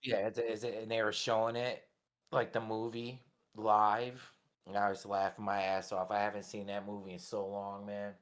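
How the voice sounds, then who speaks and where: A man's voice: fairly low pitch, monotone, normal speed. A man chatting casually on a stream in slangy talk, calling his friends bro. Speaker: stream guest. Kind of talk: casual chat.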